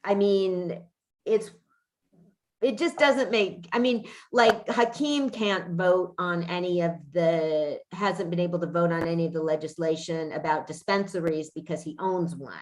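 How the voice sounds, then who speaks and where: A woman's voice: lowish voice, fairly even intonation, a little slow. A woman hosting a podcast in casual chat, ranting indignantly with frequent swearing and restarts. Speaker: podcast host.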